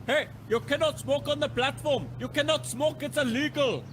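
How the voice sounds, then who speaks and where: A man playing an indignant train station worker who scolds smokers in slow, insistent English. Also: extremely high pitch, fairly bright tone, a little hiss or hum. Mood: stern. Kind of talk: comedy sketch.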